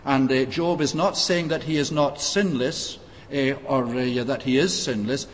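Guy giving a bible sermon, middle-pitched voice, lots of uhs, old-style scripture quotes, echoey hall. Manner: measured, frequent "uh" pauses, reads scripture in old-fashioned wording. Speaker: preacher. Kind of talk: expository sermon. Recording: long reverb, faint background noise.

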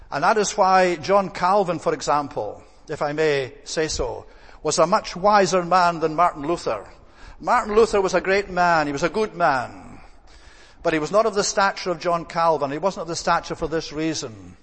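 Male preacher, slightly high voice, earnest and measured, church hall reverb. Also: animated, a bit bright. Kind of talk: sermon.

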